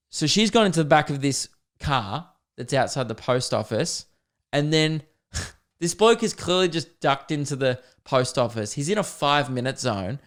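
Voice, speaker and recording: A young podcast host with a clear, resonant voice, sitting neither high nor low in pitch. He tells an animated comic story, poking fun at himself and swearing casually as he goes. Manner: animated, self-deprecating, sweary.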